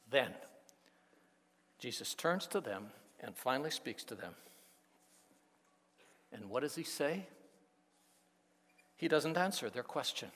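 Slow, deliberate preacher in a reverberant hall. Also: male voice, mid-range voice. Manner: slow, deliberate delivery with dramatic swings from hushed to emphatic. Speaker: pastor. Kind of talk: sermon.

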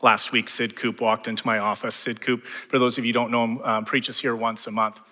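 A male pastor preaches with a bright, forceful tone. He swells to fervent emphasis and then sinks to near-hushed phrases. His voice carries a long reverb, as if he is in a large hall. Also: medium pitch, flat delivery, brisk. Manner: builds to fervent emphasis, drops to hushed lines. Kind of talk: sermon.

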